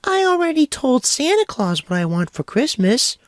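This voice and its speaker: A man's voice: extremely high pitch, very animated, moderate pace, no room sound, studio quality, pitched above the performer's own voice. A coy little boy. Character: stubborn little boy, coy and tight-lipped. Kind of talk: movie scene impression.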